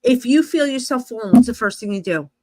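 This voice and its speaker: A woman with a New Jersey accent tells stories in an animated, chatty way, full of fillers and acted-out voices. Her voice sits a little high. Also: brisk. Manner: lively, acts out voices, many fillers. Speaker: guest psychic medium. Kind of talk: animated storytelling in conversation.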